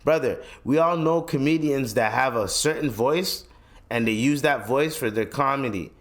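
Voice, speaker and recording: A podcast host with a mid-range voice rants solo at a moderate pace, blunt and heated. He swears heavily, uses slang, and rambles, often restarting his sentences as he pushes his opinions.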